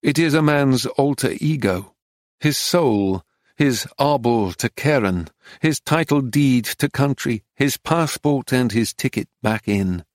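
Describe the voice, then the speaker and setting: Man reading a measured audiobook narration. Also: medium pitch, lively intonation, no echo, clean studio sound. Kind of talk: scripted first-person narration.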